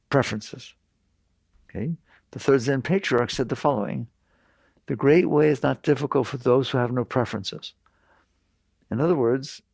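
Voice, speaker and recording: Older male spiritual teacher, gravelly voice, insistent and direct, close dry sound. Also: medium pitch, no room sound. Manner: direct, insistent, repeats points. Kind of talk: talk to an audience.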